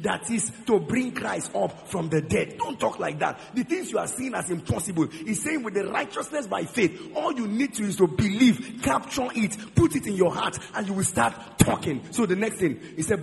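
Man, pastor, sermon, call and response, gravelly voice, church hall reverb. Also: sits high, expressive, fairly quick. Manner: call-and-response questioning, repeats key phrases.

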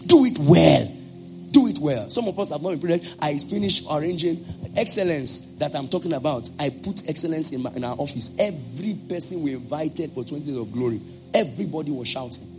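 A male pastor with a Nigerian English accent preaching a sermon, acting out little dialogues and breaking into sudden shouts. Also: a little high, quick pace, music in the background.

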